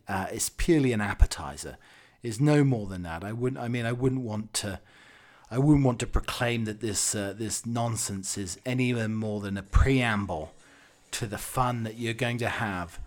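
A man hosts a casual solo podcast, rambling along with cheeky, wry asides. His voice sits on the lower side, and faint music plays underneath. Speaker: podcast host.

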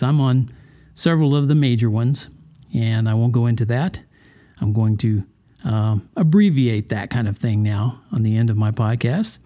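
A man hosts a religious podcast in a folksy, conversational monologue. His voice is mellow and sits at a middle pitch. He keeps turning to the listener with casual questions. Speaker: podcast host.

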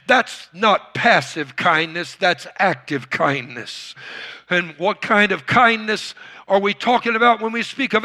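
A man's voice: sits high, unhurried. A male pastor preaching a sermon to a congregation in a church. He calls for amens and raises his voice as he drives his points home. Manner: preaching with call-and-response, rising to shouts. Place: church hall before a congregation.

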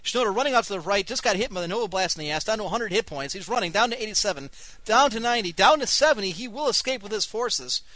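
A man's voice: high voice, lively intonation, rapid-fire, hardly any pauses, pushed and bright. A man hosting an online radio show, giving live commentary on a strategy game with wry, sarcastic asides. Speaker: host and game caster.

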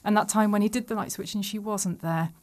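A woman's voice: medium pitch, fairly even intonation, fairly quick. A woman co-hosting a podcast in casual chat, enthusiastic and outspoken. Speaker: podcast co-host.

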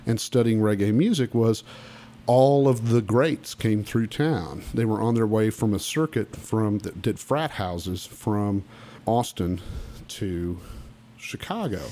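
A man's voice: fairly low pitch, slow, warm tone. A man being interviewed on a podcast, telling stories from his youth bluntly and emphatically, with frequent restarts. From Oklahoma. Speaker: guest musician. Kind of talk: casual podcast interview storytelling.

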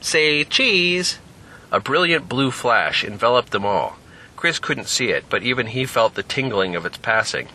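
A man narrating a scripted story in an expressive, lively way. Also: on the low side, moderate pace, a little hiss or hum. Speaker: narrator and podcast host.

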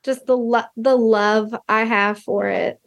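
A young woman chats casually on a podcast, gushing with feeling and often breaking off mid-phrase before starting again. Her voice sits somewhat high and is recorded dry and close. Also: fairly even intonation, slow, creaky, dry recording. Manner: gushing, emotional, talks in fits and starts. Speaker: filmmaker guest.

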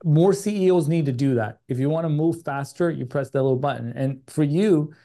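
A man with an American accent from Chicago, an energetic and enthusiastic podcast guest. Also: a little high, a little fast. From United States. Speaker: guest, agency CEO. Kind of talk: podcast interview.

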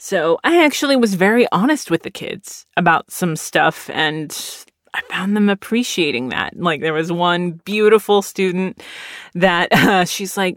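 Animated woman laughing through a story. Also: on the low side, unhurried, no echo, studio quality. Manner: animated, laughing often, many "like" fillers. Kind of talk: casual storytelling.

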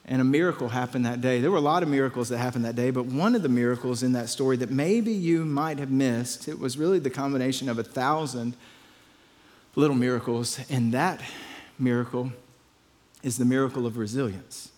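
A man's voice: medium pitch, a little fast, a little mellow, big-room sound. A pastor telling a story in a conversational sermon, often repeating his words.

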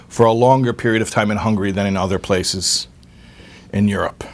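A man giving an earnest storytelling talk, often repeating words and pausing with fillers. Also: on the low side, fairly even intonation. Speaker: speaker giving a religious talk.

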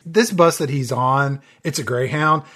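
A man's voice: medium pitch, measured pace, fairly bright tone. A man co-hosting a casual movie-review podcast, full of wry, sarcastic asides. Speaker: podcast co-host.

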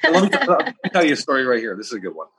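A man's voice: mid-range voice, racing, slight background noise, poor audio. Blunt man telling a bar story. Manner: animated barroom storyteller, blunt and plain-spoken. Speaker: podcast guest. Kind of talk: casual podcast storytelling.

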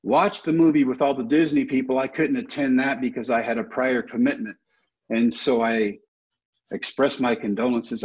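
A man in his fifties, a former ballplayer, telling animated stories as a podcast guest and acting out the quotes. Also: medium pitch, moderate pace, breathy edge. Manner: animated anecdotes with acted-out quotes. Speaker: guest, former baseball player. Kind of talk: storytelling interview. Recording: dull lo-fi podcast audio.

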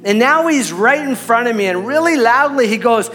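A man's voice: very high-pitched, lively intonation, normal speed, a bit bright. A middle-aged man preaching as a pastor, telling a personal story in a conversational way and checking in with the audience. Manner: conversational, repeats "right?" to the audience.

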